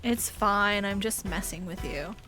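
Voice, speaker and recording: A woman's voice: medium pitch, a little slow, bright, forceful tone, soft background music. Woman reading as a teasing young circus performer.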